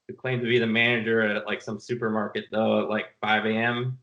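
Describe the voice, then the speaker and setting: A man's voice: on the low side, little pitch movement, fairly quick, fairly bright tone, highs cut off. A man telling stories in a casual interview, rambling and laughing often. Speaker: film director guest. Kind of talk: casual video-call interview.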